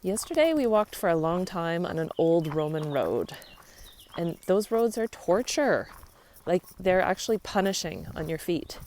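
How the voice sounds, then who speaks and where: A woman's voice: lowish voice, sing-song, a little slow, darkish tone, slight background noise. A woman chatting upbeat and easily into a handheld phone while walking outdoors on a rural trail, laughing easily. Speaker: vlogger on a long-distance walk. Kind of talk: casual travel vlog.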